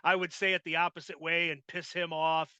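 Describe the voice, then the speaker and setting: A man's voice: on the high side, flat delivery, brisk, pushed and bright, clean tone, no echo. A man hosting a podcast, reminiscing casually and rambling with lots of "like" and restarts. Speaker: podcast host. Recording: dull lo-fi dry sound.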